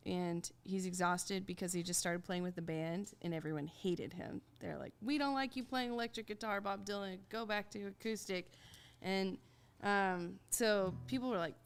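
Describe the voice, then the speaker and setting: A singer-songwriter woman chatting casually between songs in a rambling, self-deprecating way, with soft laughs. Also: medium pitch, creaky. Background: guitar tuning faintly.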